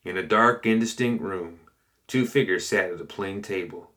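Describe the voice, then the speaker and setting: Low-voiced man narrating a story. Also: moderate pace, pushed and bright. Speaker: audiobook reader.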